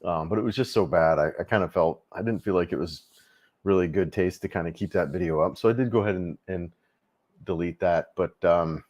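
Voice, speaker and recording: A man's voice: sits low, brisk, a little mellow, dull audio. A middle-aged man hosting a casual travel livestream, rambling easily with lots of fillers and restarts.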